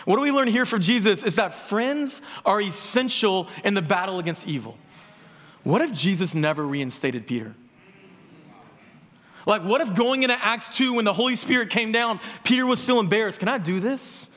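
Young male pastor, high voice, earnest chatty sermon, long hall reverb. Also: animated, normal speed, fairly bright tone. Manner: earnest, conversational preaching with audience questions.

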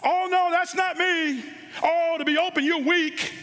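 A man's voice: extremely high pitch, fairly even intonation, a little slow, voice pushed up. A man voicing a defensive, scoffing person who refuses to open up, in a mocking tone. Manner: mocking, whiny, rising to a shout. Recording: long hall reverb.

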